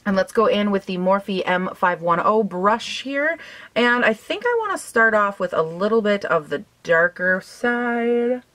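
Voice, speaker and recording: A twenty-something beauty vlogger talks through her makeup routine in a chatty, giggly way, full of "like" and "um" and frequent laughter. She has a lowish voice with a fairly bright tone.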